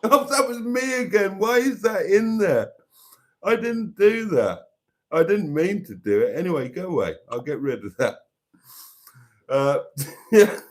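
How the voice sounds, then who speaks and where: A man's voice: high voice, expressive, unhurried, long pauses. Rambling, self-mocking man. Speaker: live stream host. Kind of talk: casual live stream chat.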